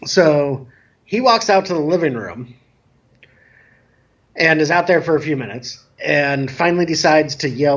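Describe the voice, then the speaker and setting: A man guest telling a casual story about himself in a relaxed, self-mocking way, over a remote call. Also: a little high, measured pace, long pauses, muffled recording. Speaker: guest, dance DJ.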